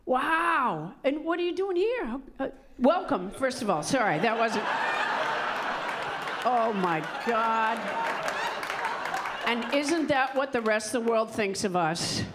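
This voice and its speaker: Lively high-voiced woman comic. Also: very noisy. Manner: chatty, halting, self-interrupting, wry. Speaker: stand-up comedian hosting. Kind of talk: stand-up with crowd work. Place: comedy club stage. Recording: live club with audience. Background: crowd laughter.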